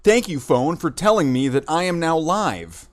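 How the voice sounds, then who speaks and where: A man's voice: fairly high pitch, sing-song, normal speed, dry recording, clean studio sound. A man from Canada hosting a casual livestream while he paints models, rambling, self-mocking and repeating words as he goes. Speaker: hobby streamer.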